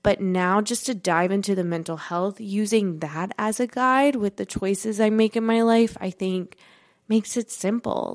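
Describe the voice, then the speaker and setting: Young adult woman, mid-pitched voice, solo podcast host; congested and a little breathless, loose chatty delivery full of fillers. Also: fairly even intonation, measured pace. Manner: rambling, many "like" and "you know" fillers. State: stuffy nose; slightly out of breath. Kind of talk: casual podcast monologue.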